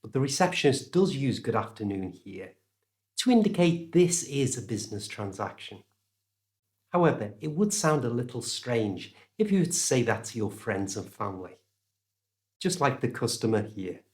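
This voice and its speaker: A man with a British accent teaching English pronunciation in a scripted lesson, with clear, careful enunciation. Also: mid-range voice, sing-song, darkish tone. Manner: clear, slow, careful enunciation with exaggerated examples.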